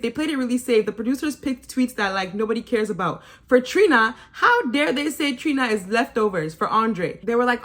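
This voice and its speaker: A woman with a slightly bright, higher-pitched voice reviews a reality show episode casually. She's opinionated and teasing, laughs a lot, and does mocking impressions in sarcastic asides.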